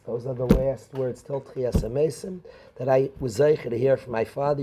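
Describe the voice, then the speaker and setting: A middle-aged rabbi, teaching a class of students and calling on them by name with questions. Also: male voice, mid-range voice, fairly even intonation, moderate pace, dark tone, a little hiss or hum, poor audio. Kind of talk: Torah class.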